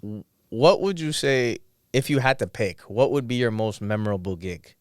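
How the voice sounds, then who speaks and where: Laid-back young man, smooth voice. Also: medium pitch, expressive, moderate pace, darkish tone, no echo, studio quality. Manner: laid-back, slangy, laughs often. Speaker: podcast host. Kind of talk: casual chat.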